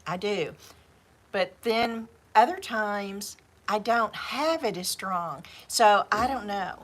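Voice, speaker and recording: Slow-talking Southern woman. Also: medium pitch. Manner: chatty, rambling, often repeats words and laughs. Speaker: livestream host. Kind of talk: casual chat. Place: home craft livestream.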